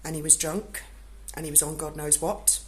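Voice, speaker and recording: A woman tells a personal story in a casual, unscripted way. Her voice sits low, and her delivery is blunt and emotional, with free swearing. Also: steady tone, moderate pace, slight background noise. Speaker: vlogger telling a personal story.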